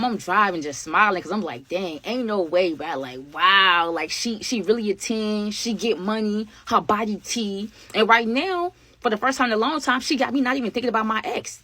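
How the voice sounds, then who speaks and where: A young woman telling a casual storytime to her viewers, slangy and animated, with an occasional stammer. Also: medium pitch. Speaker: vlogger.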